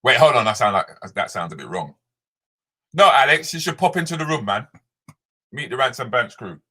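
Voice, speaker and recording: Guy hosting a live chat, mixed in, bright forward voice, ribbing everyone. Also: mid-range voice, sing-song, normal speed, slightly rough. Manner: banters with viewers by name, slips into Jamaican patois. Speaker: comedian host moderating a live chat. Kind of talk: casual live-stream chat reading comments.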